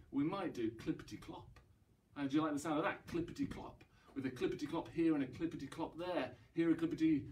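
A man's voice: a little high, recorded from a distance. A man leading an online library song session for young children, with a cheerful, encouraging manner. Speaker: library rhyme-time leader. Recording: voice away from mic.

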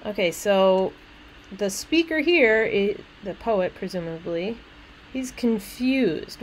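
A woman lecturing on a poem, chatty and animated, breaking off into casual asides as she explains. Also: mid-range voice, takes it slowly, a little hiss or hum, poor audio. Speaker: literature lecturer. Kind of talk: recorded lecture reading a poem aloud.

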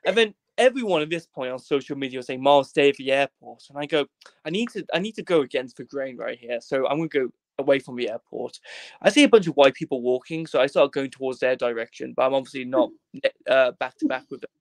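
This young man from Wales, a podcast guest, is expressive and quick at a medium pitch, with no echo on the recording. In casual conversation he rambles through a jokey story, swearing freely and doing voices for each person in it.

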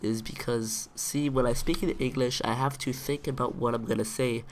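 Nasal Israeli-accented man, slow. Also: medium pitch, steady tone, slight background noise. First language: Hebrew. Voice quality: nasal, congested-sounding. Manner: slow and deliberate, pausing to find English words. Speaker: gaming video commentator. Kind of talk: casual talk to camera.

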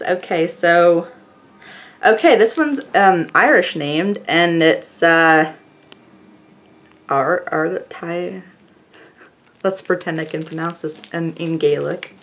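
A woman beauty vlogger opens fan mail and chats casually to the camera, gushing effusively and rambling on. Her voice is fairly low, and she speaks slowly with long pauses.

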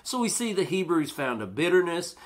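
A pastor preaching a sermon in a church, lively, now and then acting out worried voices in his quotes. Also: a little high, fairly quick, a little hiss or hum. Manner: animated preaching, acts out quoted complaints.

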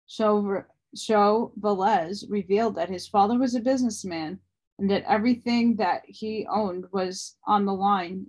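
A woman reading a book aloud at a steady pace, now and then stumbling and restarting a word. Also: mid-range voice. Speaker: audiobook reader.

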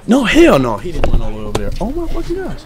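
A man's voice: sits high, wildly swooping pitch, fast, crowd noise. A young man vlogging outdoors at night, joking and teasing while filming on a handheld phone. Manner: joking, teasing, laughing often. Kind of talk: casual prank vlog.

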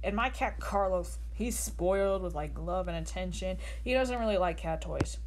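A woman's voice: lowish voice, normal speed, a little mellow. A woman giving casual reaction commentary, rambling and hesitant, with gasped exclamations. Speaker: reaction video host.

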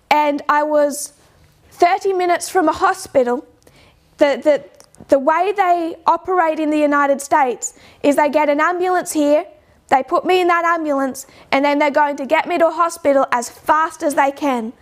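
Woman with a high voice giving a talk, slows right down on the key bits, lots of rhetorical questions. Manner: measured, slows down to stress points. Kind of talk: informal lecture.

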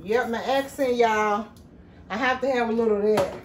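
A woman's voice: on the high side, normal speed, noisy background. A woman chatting casually with her viewers while she cooks in her home kitchen, laughing easily and calling them y'all. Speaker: cooking vlogger. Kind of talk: casual cooking vlog chat.

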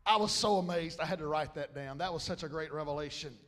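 Male pastor preaching, pitched high, building to loud rises. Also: fast talker. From South Louisiana. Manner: preaching with loud rises and fillers like amen and hallelujah. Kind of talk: sermon.

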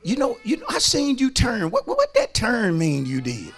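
A male pastor preaching a sermon in church, swinging from soft asides to shouting and calling on the congregation to respond. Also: very high-pitched, huge pitch swings, normal speed, faint music behind. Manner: colloquial, calls on the congregation to respond.

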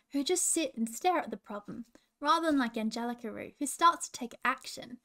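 High-voiced Australian woman reading a story. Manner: warm, gentle, chatty with children. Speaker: children's coach. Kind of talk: storytelling with coaching asides.

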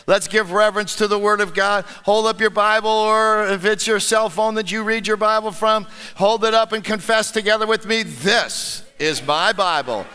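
A pastor preaching an energetic sermon and leading the congregation in call-and-response. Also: male voice, sits high, normal speed, hardly any pauses, clear, resonant tone. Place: church sanctuary. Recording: long church hall reverb.

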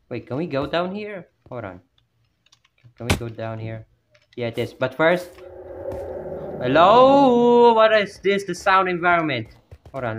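A man's voice: medium pitch, noisy background. A man commenting on a horror game playthrough at home, talking to himself and yelping at every scare. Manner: jumpy, yelps and exclaims at scares, chatty self-talk. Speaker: gamer playing a horror map. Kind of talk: gameplay commentary. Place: at home with family nearby.

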